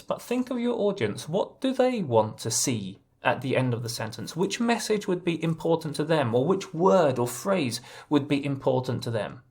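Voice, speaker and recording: A man's voice: medium pitch, creaky. A man teaching legal writing in an online lesson, explaining step by step and often restarting his phrases.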